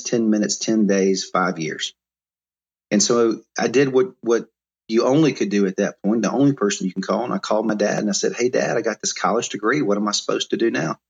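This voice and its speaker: A middle-aged man from Alabama, telling life stories as an interview guest in an animated way with frequent restarts. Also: lowish voice, moderate pace, creaky, husky. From Mobile, Alabama. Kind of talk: storytelling interview.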